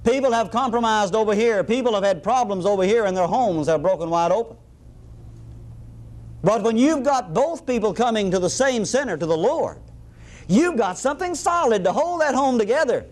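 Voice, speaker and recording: Animated folksy male preacher. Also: sits high, moderate pace. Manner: animated, folksy, with humorous asides. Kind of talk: sermon.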